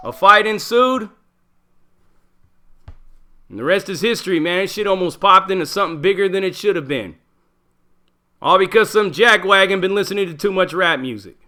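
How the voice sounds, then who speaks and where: Bright, high-voiced blunt man. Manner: blunt, profane, street slang. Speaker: channel host, former prisoner telling stories. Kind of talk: casual storytelling monologue.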